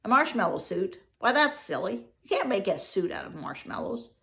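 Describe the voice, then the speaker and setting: Grandma playing a boastful, dapper uncle. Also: female voice, mid-range voice, big pitch swings, moderate pace, gravelly, bright, forceful tone, exaggerated voice. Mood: scoffing.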